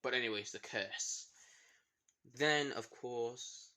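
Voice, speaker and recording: Man, casual storyteller, chatty and rambling, bright voice, slow pace. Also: mid-range voice. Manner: rambling, chatty, self-interrupting. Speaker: YouTuber narrating a fan story.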